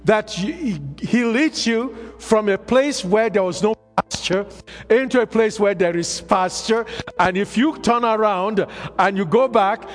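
A high-pitched man preaching slowly, drawing out each phrase and calling the congregation to answer him. His voice rings through a long hall reverb over soft music. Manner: call-and-response preaching, drawn-out emphatic phrases. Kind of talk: sermon.

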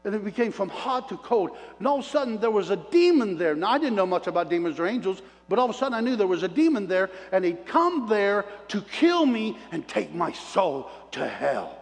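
High-voiced man preaching in an echoing hall. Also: brisk, vocal fry, hardly any pauses. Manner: animated storyteller with preacher call-outs to the crowd; folksy self-described redneck talk. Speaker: preacher giving his testimony. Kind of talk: sermon testimony. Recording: long reverb of a large hall.

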